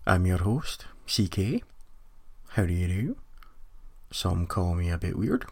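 A man's voice: sits low, sing-song, slow, gravelly, husky, no room sound. A Scottish man hosting a comedy podcast, telling stories with dry, wry jokes. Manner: dry, wry joking delivery. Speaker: podcast host. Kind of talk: comic storytelling monologue.

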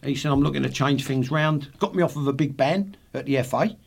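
A man's voice: medium pitch, fast talker, gravelly. A man in his sixties, a podcast guest, telling swearing football anecdotes with laughs. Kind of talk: casual storytelling.

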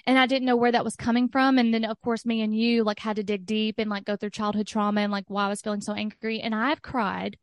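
A woman's voice: mid-range voice, level tone, fast, few pauses, dry recording, studio quality. A woman talking candidly as a podcast guest and coaching client, chatty and full of "like" with frequent laughter. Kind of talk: candid casual chat.

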